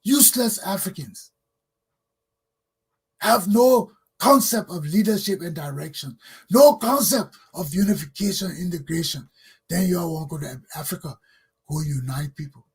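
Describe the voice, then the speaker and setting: A Liberian man with a high, husky voice rants as a talk show host. He scolds his listeners and keeps circling back to the same complaints with rising anger. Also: expressive, normal speed. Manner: angry, scolding, repetitive. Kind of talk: ranting monologue.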